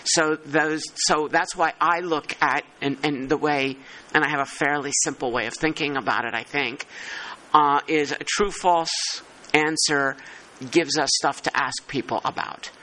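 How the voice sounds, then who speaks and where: A man leads a working-group meeting in a slightly high, bright, tense voice. He thinks aloud as he goes and pokes fun at himself now and then. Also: steady tone, a little slow, rough recording. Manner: thinking aloud, self-deprecating. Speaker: meeting chair.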